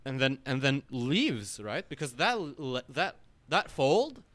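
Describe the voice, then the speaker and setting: A man talks through a casual podcast chat with a lively, swinging pitch, rambling and peppering his speech with filler words and swearing. The sound is dry and close, with no room echo. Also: slow. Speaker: podcast co-host.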